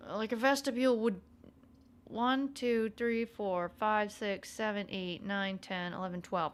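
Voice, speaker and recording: A woman's voice: mid-range voice, fairly even intonation, unhurried, clean tone. A young woman streaming a video game, chatting playfully with her live chat and thinking aloud as she plays. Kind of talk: casual gameplay commentary to a live chat.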